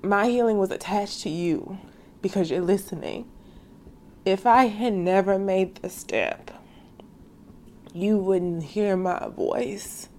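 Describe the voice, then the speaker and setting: A woman's voice: medium pitch, darkish tone, slight background noise. A young woman hosting a faith podcast, speaking earnestly and casually to her listeners and calling them sis. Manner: casual slangy speech. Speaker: podcast host.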